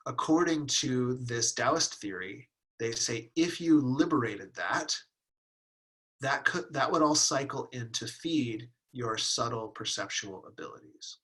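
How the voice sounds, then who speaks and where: A man's voice: medium pitch, expressive, a little slow, a bit bright, breathy edge, rough recording. A middle-aged man teaching a Taoist workshop, talking casually and acting out inner voices with playful laughter. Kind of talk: teaching a live online class.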